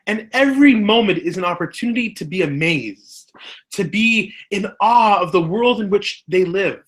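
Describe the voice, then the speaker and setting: A man's voice: high voice, lively intonation, moderate pace, fairly bright tone. A man, a rabbi, giving an earnest recorded lecture, explaining step by step and posing rhetorical questions.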